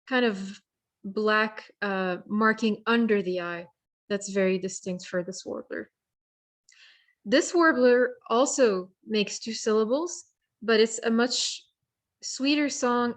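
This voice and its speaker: A woman presenting an online workshop, explaining how to identify warblers by sight and song in a friendly, explanatory way with small restarts. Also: a little high. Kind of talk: virtual bird identification lesson. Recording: virtual program audio.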